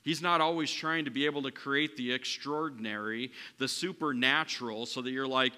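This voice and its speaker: A male pastor delivers a sermon in a large church hall. His voice is sharp and very bright, and it trails off into a long reverb. He moves between raised, emphatic lines and quiet, hushed ones. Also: medium pitch, normal speed, few pauses, smooth. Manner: swings from loud preaching to hushed, soft delivery.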